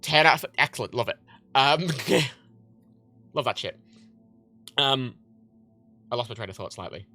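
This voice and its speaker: A man's voice: medium pitch, lively intonation, unhurried, long pauses, sharp tone, dry recording, faint music behind. A man livestreaming from home, chatting in a rambling, profane way and often cutting himself off. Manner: rambling, profane, self-interrupting. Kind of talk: casual rambling chat.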